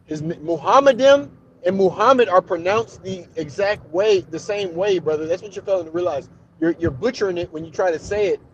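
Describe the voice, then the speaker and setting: A man's voice: sits high, fairly quick, dull audio. A man calling into a heated debate, insisting on his point, repeating himself and saying "brother" often.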